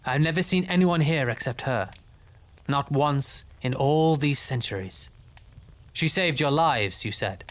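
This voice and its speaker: An actor playing a solemn, earnest male lieutenant in an audio drama, measured and formal. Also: mid-range voice, expressive, close to an everyday voice.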